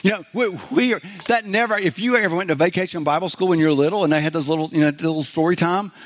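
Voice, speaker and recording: In a high, quick-paced voice, a male pastor preaches in an easygoing, conversational style. Humorous impressions of biblical voices mix with constant fillers and restarts.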